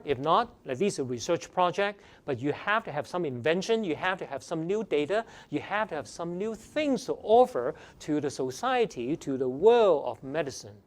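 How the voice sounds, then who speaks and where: Lively, emphatic pre-med admissions lecturer. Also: medium pitch. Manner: emphatic, repeats key phrases, asks rhetorical questions. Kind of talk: seminar lecture.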